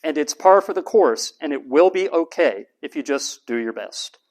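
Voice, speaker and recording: A middle-aged college professor from Texas lectures his class in an animated, emphatic way. His voice is a little higher than most men's, and he repeats words to stress a point. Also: normal speed.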